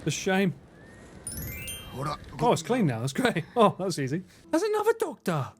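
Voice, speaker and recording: A man giving casual gaming stream commentary, swearing, laughing and breaking into sudden loud yelps. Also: high voice, huge pitch swings, normal speed, faint music behind. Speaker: livestreamer.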